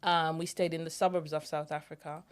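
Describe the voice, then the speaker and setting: Woman telling stories, lower voice. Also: brisk, clear, resonant tone. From Jamaica. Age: 40s. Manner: animated storyteller, laughs easily. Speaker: podcast host. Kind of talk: casual storytelling chat.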